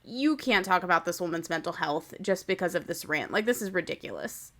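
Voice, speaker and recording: A woman's voice: fairly low pitch, expressive, fairly quick, voice pushed down, lightly acted. A woman quoting an indignant woman who urgently steps in to defend someone.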